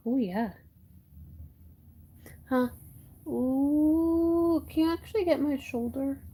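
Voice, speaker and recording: High voiced lady doing a slow giggly craft stream at home, chatty with chat. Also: mellow. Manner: giggly, chatty, reads viewer comments aloud. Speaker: crafting livestream host. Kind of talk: casual livestream chat.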